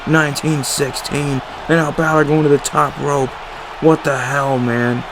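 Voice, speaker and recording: Excitable man calling wrestling play-by-play. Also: on the high side, measured pace, noisy background. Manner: excitable, emphatic, casual swearing. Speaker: commentator. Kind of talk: fan play-by-play wrestling commentary.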